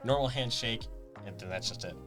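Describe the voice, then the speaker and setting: An eighteen-year-old man from Springfield, Missouri, with a southern Missouri accent, chatting casually and stumbling over his words as he rushes along. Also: mid-range voice, over music. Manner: rapid, restarts and stammers often. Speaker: student podcast co-host. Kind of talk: casual chat.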